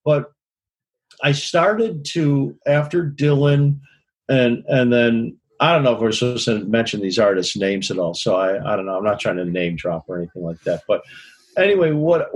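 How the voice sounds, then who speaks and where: A man's voice: medium pitch, moderate pace, slightly rough. A man who works as a touring concert lighting director, telling frank, rambling stories in an interview, swearing freely and often asking "you know what I mean?". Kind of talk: casual interview storytelling.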